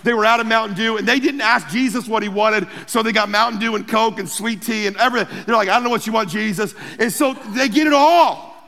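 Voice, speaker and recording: A pastor preaching a sermon, telling the story in a humorous, lively way with playful asides. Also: male voice, high voice, brisk, vocal fry. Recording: long hall reverb.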